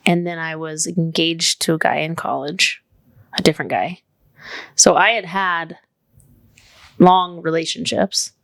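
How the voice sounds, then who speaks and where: A woman with a low voice and plenty of gravelly fry co-hosts a podcast. She chats casually, filling her talk with "like", and the sound is dry and close on a studio microphone. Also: a little slow, pauses often, a bit bright, no echo. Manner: chatty, leans heavily on "like". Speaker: podcast co-host.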